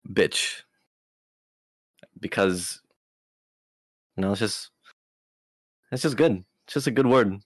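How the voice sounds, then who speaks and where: A man's voice: on the low side, expressive, takes it slowly, pauses often, dry recording. A young man answering interview questions casually, rambling with lots of fillers and easy slang. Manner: rambling, filler-heavy, laid-back slang. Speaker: interview guest.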